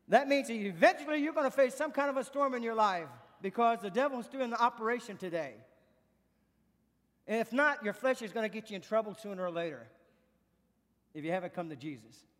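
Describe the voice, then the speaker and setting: A man's voice: sits high, fairly bright tone, in a large hall. A man preaching a sermon, emphatic, asking repeated questions and breaking into spoken praise.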